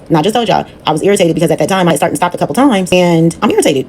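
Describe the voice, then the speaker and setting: A woman's voice: lowish voice, very fast, hardly any pauses, a little mellow, a little hiss or hum. A woman nail technician telling a story from her work in a blunt, profane, casual storytime manner.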